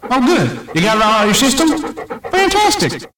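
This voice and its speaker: Comedy bit: a grumpy, indignant male dog, put on by a man, high and bouncy, from far off in a roomy space. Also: wildly swooping pitch, fairly quick, heavy background noise, full character voice. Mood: sarcastic. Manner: indignant, complaining.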